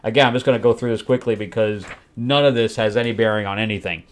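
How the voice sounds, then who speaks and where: A man with a lowish, steady voice talks quickly as he hosts a comic book review show. Flipping through the pages, he critiques bluntly and with open exasperation, mocking the characters by quoting them in put-on voices.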